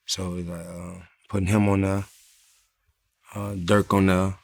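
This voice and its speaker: A rapper from Chicago talking bluntly and profanely in a casual interview, telling stories with laughs. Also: male voice, low voice, flat delivery, a little slow, gravelly, dry recording, clean studio sound.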